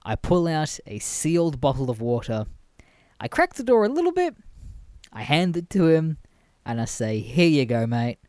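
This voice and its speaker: A young man, hosting a podcast and telling stories casually, animated and full of swearing and laughter. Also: on the high side, moderate pace, clean tone, dry recording, clean studio sound. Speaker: podcast host. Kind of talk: casual storytelling monologue.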